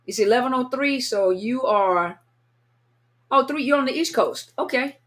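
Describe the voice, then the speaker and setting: Lady chatting on her livestream, kinda high voice, tired, reading off names. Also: a little slow. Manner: warm, chatty, reads viewer names aloud. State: a little tired. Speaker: livestream host greeting viewers. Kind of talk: casual live-stream chat. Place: at home, California.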